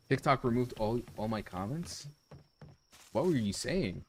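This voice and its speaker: A man streaming from home, mid-pitched and loose, tells his chat a story he still hasn't let go of. He swears freely and trips over restarts. A faint steady hiss sits under his desk mic. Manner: animated, profane, lots of restarts and "you know". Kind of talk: casual storytelling to a live chat.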